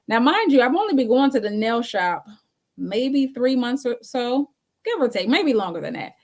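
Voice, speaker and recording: Woman talk show cohost rambling thru a story, laughs a lot, kinda high voice. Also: lively intonation, normal speed. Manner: chatty, laughs often between phrases. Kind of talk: casual storytelling chat.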